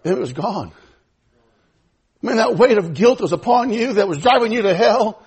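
A man with a very high, husky voice preaches a sermon. His pitch climbs and dives with lively energy, moving from loud fervent exhortation to hushed, low pleading. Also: moderate pace. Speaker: pastor.

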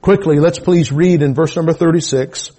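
Husky preacher, quiet to shouting. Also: male voice, fairly high pitch, fairly even intonation, moderate pace. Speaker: pastor. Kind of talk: sermon with personal testimony.

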